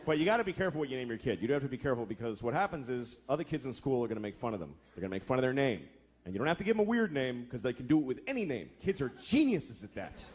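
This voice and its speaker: On a comedy club stage, a thirtysomething man delivers a profane stand-up routine in rapid-fire bursts with big pitch swings, his voice a little mellow with a breathy edge. He shifts into acted voices and does deep groaning mimicry, while the live recording picks up the crowd's laughter and noise.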